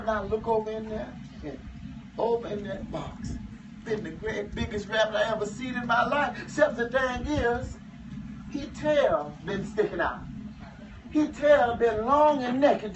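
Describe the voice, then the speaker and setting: A man playing an enslaved man in his thirties, telling a humorous tale to a live audience in dialect, with chuckling asides. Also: very high-pitched. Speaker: living history performer. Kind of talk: first-person historical storytelling to a live audience. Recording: muffled, distant, noisy live recording.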